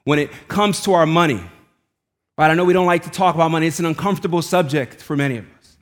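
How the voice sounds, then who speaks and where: Casual-talking male preacher telling stories. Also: fast talker. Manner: conversational, casual slang, voice drops low and quiet for quoted lines. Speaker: pastor. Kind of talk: sermon with personal storytelling.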